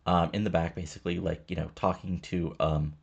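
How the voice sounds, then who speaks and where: Gravelly fast-talking man narrating a game. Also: sits low, little pitch movement, lo-fi sound. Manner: rambling, many fillers, reads out characters' lines in his own voice. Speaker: host narrating a wrestling simulation playthrough. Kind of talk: casual let's-play narration.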